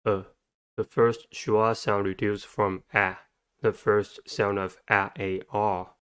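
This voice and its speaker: Male teacher, low and clear, methodical scripted spelling lesson. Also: level tone, takes it slowly, a bit bright. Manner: careful, methodical, spelling sounds letter by letter. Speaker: vocabulary teacher, channel host.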